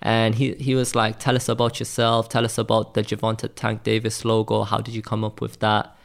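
A man's voice: on the low side, completely flat delivery, a little fast, vocal fry. A man from Wales with a light Welsh accent, telling stories in a loose, chatty interview and filling his talk with "like" and "man". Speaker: graphic designer guest. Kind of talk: casual interview storytelling.

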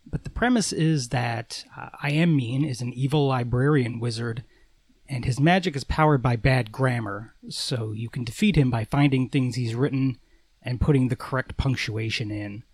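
Relaxed joking man, dry sound. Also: medium pitch, normal speed, dry recording. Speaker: listener giving a recorded explanation. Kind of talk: casual recorded message.

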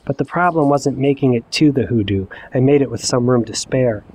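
A man in his forties telling a personal story in the first person, with wry, self-mocking, deadpan asides. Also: medium pitch, brisk, slight background noise. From Ohio. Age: 40s. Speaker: narrator.

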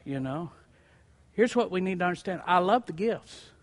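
A man's voice: high-pitched, animated, moderate pace, in a large hall. A male pastor preaching a sermon, building emphasis through repeated phrases. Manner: preaching with rising emphatic repetition.

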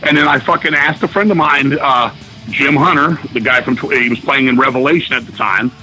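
A middle-aged man, a guest musician, telling stories in a casual interview, swearing often and talking excitedly. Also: mid-range voice, fairly quick, faint music behind, low-quality recording. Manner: profane, excited storyteller.

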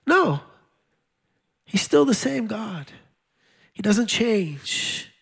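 High-voiced pastor preaching conversationally. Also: male voice, big pitch swings, extremely slow, gravelly, a bit bright, breathy edge. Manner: conversational, with wry laughs and repeated key lines. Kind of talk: sermon.

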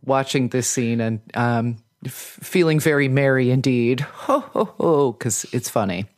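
A woman's voice: rumbling low, a little slow, darkish tone. A woman podcast co-host chatting in a rambling, playful way. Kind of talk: casual chat.

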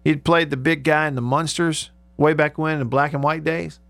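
A man hosts a casual talk radio show, reading out listener texts and laughing often. His voice sits a bit high. The studio sound is dry and close. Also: fairly even intonation, moderate pace, vocal fry, fairly bright tone, no echo.

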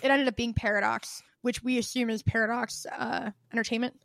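Female podcast co-host, high voice, exasperated ranter who swears and acts out quotes; dry, close recording. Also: little pitch movement, a little fast, gravelly, a bit bright, no echo. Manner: ranting, exasperated, swears freely; acts out quoted people with shifts of voice. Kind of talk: casual podcast chat.

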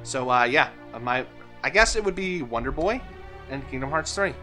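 A man's voice: mid-range voice, expressive, normal speed, music in the background. A man chatting hesitantly on a gaming podcast, with many fillers and restarts. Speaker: podcast co-host. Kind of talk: casual chat.

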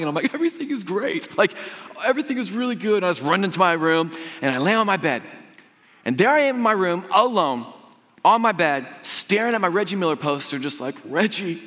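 A young man preaching a sermon, telling personal stories in a conversational way and swinging between quiet, intimate lines and loud, emphatic ones. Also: high-pitched. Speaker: pastor. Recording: long reverb of a large hall.

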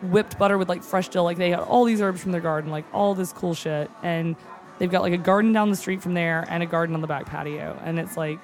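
Gushing, excitable talker in casual chat. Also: mid-range voice, fairly quick. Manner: excitable, gushing, with many fillers and swearing. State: moved nearly to tears.

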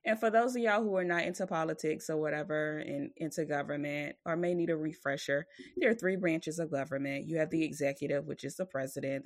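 A woman with a notably low voice chats casually as a podcast co-host. She wanders through her points with plenty of "like" and "or whatever", then gets blunt and profane when riled. The sound is close and dry, with no room around it. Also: dry recording. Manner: rambling, filler-heavy, with frequent "like" and "or whatever". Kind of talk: casual chat.

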